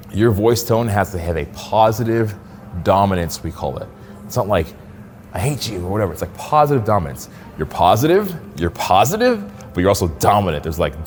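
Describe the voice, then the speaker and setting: A man coaching in person, talking casually and with swearing, often acting out sample lines of dialogue. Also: on the low side. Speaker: social skills coach. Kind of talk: live in-person coaching demonstration.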